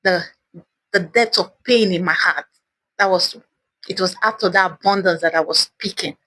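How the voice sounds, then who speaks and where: A woman's voice: lowish voice, moderate pace, bright, forceful tone, no room sound. Earnest woman telling her grief story. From Africa. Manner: earnest, emotional, repeats words when upset. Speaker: channel host sharing personal story. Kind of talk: personal testimony monologue.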